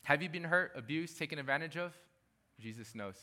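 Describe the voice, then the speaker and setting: Bright-voiced, emphatic male pastor. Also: on the high side, expressive, brisk. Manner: emphatic, repeats key phrases. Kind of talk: sermon.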